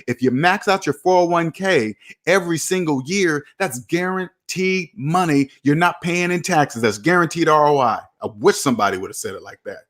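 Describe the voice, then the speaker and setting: A man in his forties delivers a fired-up money sermon straight to camera, circling back to the same points again and again. His voice sits a little high for a man, and he keeps calling himself by name as he scolds and urges. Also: moderate pace, hardly any pauses, a bit bright. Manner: preachy, repeats himself, talks to himself by name. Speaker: personal finance video host. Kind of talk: motivational monologue to camera.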